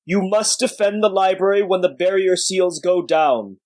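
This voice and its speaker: A man voicing a century-old giant warrior monk elder, sad and gruff, speaking slowly and weightily. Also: high voice, a little mellow, no room sound, voice pushed up, close to an everyday voice. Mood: solemn. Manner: slow, weighty, sorrowful delivery.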